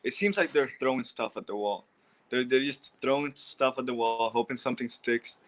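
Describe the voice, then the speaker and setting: A man's voice: mid-range voice, normal speed, poor audio. A man calling in to a sports show, talking eagerly as a fan. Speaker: caller. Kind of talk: casual call-in chat.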